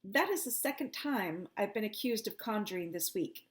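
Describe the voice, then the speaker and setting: Animated woman psychic telling a story. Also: moderate pace, few pauses. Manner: animated, laughs often, pitch jumps up when indignant. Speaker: psychic medium. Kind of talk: casual storytelling to viewers.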